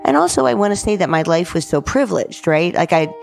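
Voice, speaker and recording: A middle-aged woman from New Jersey, a guest telling stories in an animated, chatty way, often saying "like". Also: fairly low pitch, fast, gravelly, soft background music. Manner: lively, says "like" often, acts out quoted dialogue. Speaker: guest, public art director. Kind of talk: animated storytelling in casual chat.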